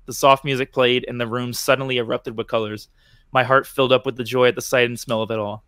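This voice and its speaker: A man's voice: mid-range voice, level tone, quick pace, a bit bright, clean tone, no room sound, studio quality. A man hosting a podcast, reading a horror short story aloud, sometimes stumbling and restarting. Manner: stumbles and restarts, laughing at slips. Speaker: podcast host.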